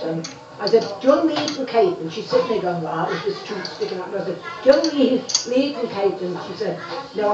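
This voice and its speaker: Rambling woman, far off and muffled. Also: fairly low pitch. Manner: rambling anecdote, quoting others. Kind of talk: casual family chat. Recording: distant muffled echoey room pickup. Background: music playing.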